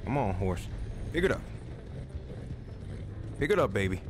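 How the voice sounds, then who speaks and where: A man's voice: fairly low pitch, sing-song, unhurried, noisy background. A man doing a let's play, joking and coaxing his in-game horse, voice rising and falling a lot, loose casual talk. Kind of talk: casual gameplay commentary.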